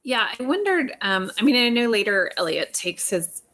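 A woman's voice: mid-range voice, big pitch swings, moderate pace, fairly bright tone. A woman co-hosting a podcast in casual chat, hesitant and thoughtful, with a light laugh. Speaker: podcast co-host.

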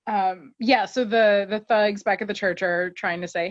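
A woman's voice: mid-range voice, fairly even intonation, a little slow, no echo. Woman podcast host, casual recap, dull dry recording. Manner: chatty, filler-heavy, laughs often.

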